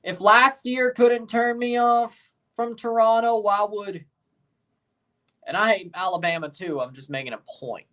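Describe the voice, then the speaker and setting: A man from Mississippi with a Southern US accent hosts a casual livestream watchalong, chatting and answering viewers' comments. His voice sits high, pushed and bright, and he speaks a little slowly.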